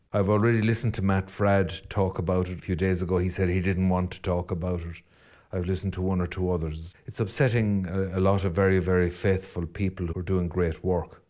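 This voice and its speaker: A man's voice: deep voice, darkish tone. An Irish man, a Catholic priest, giving an earnest, rambling podcast reflection with self-deprecating asides.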